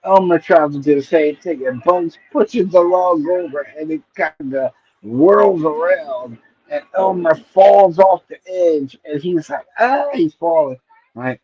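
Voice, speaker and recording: A man's voice: on the high side, a little slow, breathy edge. A middle-aged man hosting a stream, retelling old stories in a rambling, casual way and often checking in with "right?" and "you know". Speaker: stream host. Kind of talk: casual nostalgic storytelling. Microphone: streaming mic. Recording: dull lo-fi stream audio.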